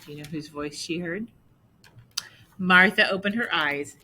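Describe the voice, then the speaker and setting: A woman reading a picture book aloud slowly, adding explaining asides to listeners. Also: on the low side, bright, forceful tone, slight background noise, poor audio. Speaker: storybook reader.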